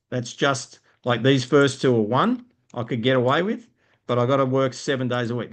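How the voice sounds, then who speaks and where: An Australian-accented man with a mid-range voice runs a live-stream lesson for business owners. He is energetic and explanatory, frequently tossing in "right?" to check that people are following.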